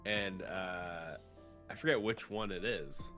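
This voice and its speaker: A man co-hosting a casual TV review chat, relaxed, trailing off with lots of ums. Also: low-pitched, takes it slowly, soft background music. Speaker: co-host of a TV review show.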